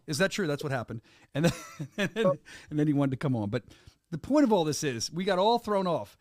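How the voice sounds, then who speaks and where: A man hosting a podcast, joking and laughing in quick, hyped chat. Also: medium pitch, expressive, darkish tone, dry recording. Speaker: podcast host and venue announcer. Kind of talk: casual chat.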